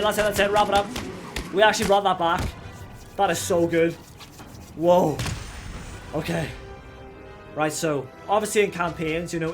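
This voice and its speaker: A young man with a high voice talks through a game as he plays it, getting excited and shouting at it. his commentary is loose and he swears freely, with faint game music playing behind him. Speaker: gaming channel host. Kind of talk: let's play commentary.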